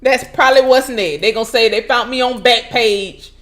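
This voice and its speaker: A woman with a high voice speaks in on her own vlog. She rants loosely and profanely to her viewers, breaking into laughter and sounding openly incredulous. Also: normal speed. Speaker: channel host. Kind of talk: casual ranting vlog.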